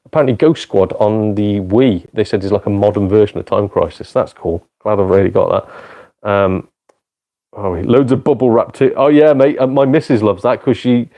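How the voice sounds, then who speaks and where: Male streamer, laid-back low voice, cheeky and self-mocking with a lot of laughs. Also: normal speed, warm tone. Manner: chatty, self-deprecating, swears, laughs often. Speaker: gaming live streamer and part-time comedian. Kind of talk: casual live stream chat with viewers.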